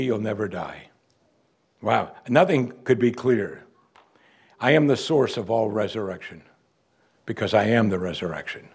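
A man's voice: mid-range voice, husky. A man preaching a sermon, reading scripture aloud and explaining it with emphatic delivery. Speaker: pastor.

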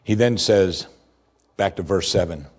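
A man preaching a sermon as pastor, expressive, rising for emphasis and dropping soft and low when quoting scripture. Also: measured pace, slightly rough.

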